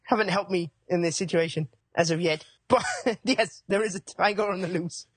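A man's voice: high-pitched, normal speed, husky, dry recording. A man co-hosting a casual comedic podcast chat, giggling often and riffing on jokes. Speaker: podcast co-host.

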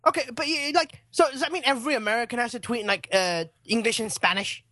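Fast, bright, animated podcast co-host. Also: medium pitch, dry recording, studio quality. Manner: excitable, quick jokes. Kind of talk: casual chat.

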